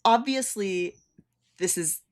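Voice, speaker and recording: A woman's voice: mid-range voice, slow. A woman co-hosting a casual TV recap podcast, chatting with laughter and dramatic quote readings. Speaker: podcast co-host.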